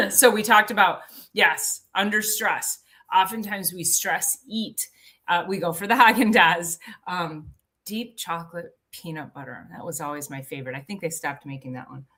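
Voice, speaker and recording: A woman's voice: fairly low pitch, normal speed, bright, forceful tone. A woman hosting a casual health talk, chatty, often restarting her sentences and laughing easily. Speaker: health show host.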